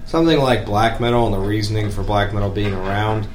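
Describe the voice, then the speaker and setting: A man with a fairly low voice chats casually, laid-back and agreeable. The recording is echoey, with faint background noise. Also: fairly even intonation, fast. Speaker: podcast co-host. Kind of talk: casual chat.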